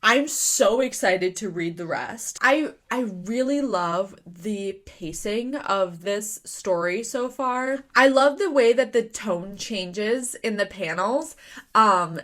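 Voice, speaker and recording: Young adult woman, casual video reviewer, mid pitch, excitable and rambling. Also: takes it slowly. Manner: chatty and excitable, full of fillers and rhetorical questions. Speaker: manga reviewer.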